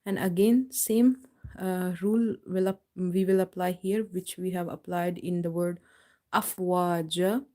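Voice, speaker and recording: A woman teaches a live online tajweed lesson over a live-stream mic, her lowish voice mellow, warm, and fairly even. She explains with patience, then slowly draws out words to model their pronunciation.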